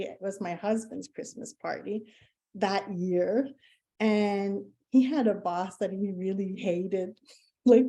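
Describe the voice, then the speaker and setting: Woman presenter, warm lower-toned voice, animated and chatty storyteller. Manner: animated, acts out quoted dialogue; chatty, with frequent fillers. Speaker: presenter at a community meetup. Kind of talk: casual presentation with anecdotes.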